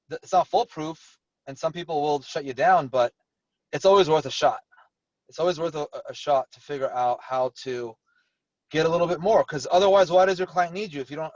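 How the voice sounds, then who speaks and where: A man's voice: fairly high pitch, no echo, recorded from a distance, lo-fi sound. A man working as a real estate agent, talking candidly on a video call panel, rambling with many restarts.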